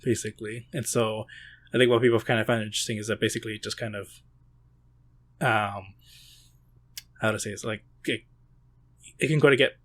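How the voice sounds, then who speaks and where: A man's voice: fairly low pitch, fairly even intonation, a little fast, long pauses. A man co-hosting a podcast, explaining things hesitantly with many fillers and restarts. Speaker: podcast co-host. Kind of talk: casual chat.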